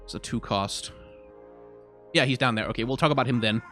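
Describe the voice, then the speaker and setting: A man's voice: medium pitch, fairly quick, fairly bright tone, soft background music. A man giving casual live-stream commentary on game card art, rambling with many restarts, frank and self-deprecating.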